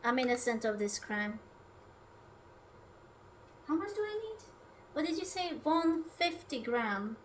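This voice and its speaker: A woman with a high, bright voice chats her way through a home cooking stream, talking slowly and cursing freely. She rambles to her food and her viewers. Her voice sits back from the mic, with a faint hiss behind it. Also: sing-song, distant mic. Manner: rambling, swears often, talks to her food and chat. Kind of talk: casual live-stream chatter while cooking. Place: home kitchen.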